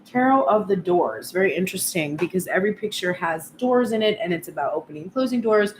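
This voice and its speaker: This tarot reader talks quickly in a lowish voice, offering a long, thoughtful and sincere reading for her vlog. She is recorded in an echoey space with a faint background hum of noise.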